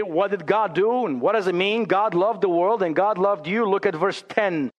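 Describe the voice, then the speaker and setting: A male pastor preaching a sermon in a church sanctuary, emphatic and deliberate, often dropping to a hushed tone. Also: sits high. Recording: long hall reverb.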